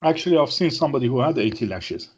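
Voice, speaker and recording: A man's voice: mid-range voice, expressive, quick pace, dull audio, slight background noise. A man from Iran with an Iranian accent, talking as a regular guest in casual chat, in broken English with frequent "yeah?" tag questions.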